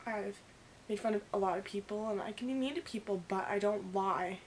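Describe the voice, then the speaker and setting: A young woman in her early twenties telling a story in a casual vlog, rambling and animated, acting out the quoted dialogue. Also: medium pitch, brisk, a little hiss or hum. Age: young adult. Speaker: vlogger.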